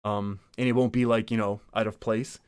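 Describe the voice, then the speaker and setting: A man's voice: fairly low pitch, level tone, moderate pace, darkish tone, smooth, no echo, studio quality. A man hosting his own podcast, talking casually in a chatty, rambling way with many restarts and small laughs. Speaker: podcast host. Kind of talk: casual solo podcast talk.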